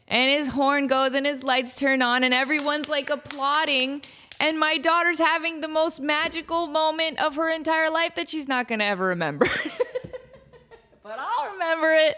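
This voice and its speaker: A woman in her thirties hosting a podcast, telling a comic family story in an animated way and acting out the people in it. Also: high voice, normal speed. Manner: animated, often laughing, acts out the people in her stories. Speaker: podcast host.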